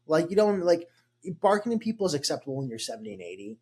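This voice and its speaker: A man's voice: a little high, big pitch swings, fast, darkish tone, husky. Rambling jokey young man. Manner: rambling, jokey, filler-heavy. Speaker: podcast host. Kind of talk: casual chat.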